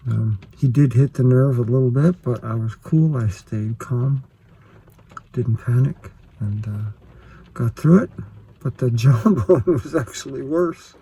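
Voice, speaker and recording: A man with a mellow, medium-pitched voice and a breathy edge vlogs at an unhurried pace, his cheek swollen after oral surgery. He talks candidly and reflectively to the camera while working on a door and walking outdoors around a house under renovation.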